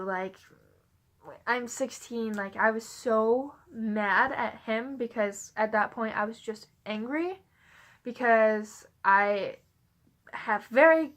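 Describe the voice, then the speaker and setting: A woman's voice: on the high side, takes it slowly, fairly bright tone. A young adult woman vlogging, telling a personal story in a rambling, casual way with many "like" fillers.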